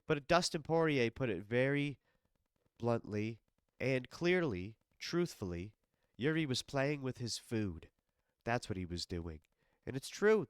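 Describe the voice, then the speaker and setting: Clear and resonant at medium pitch, the voice of a sick podcast host comes through cleanly and without room sound from his home basement studio. His solo rant is animated and profane, spoken directly to a fighter who isn't present.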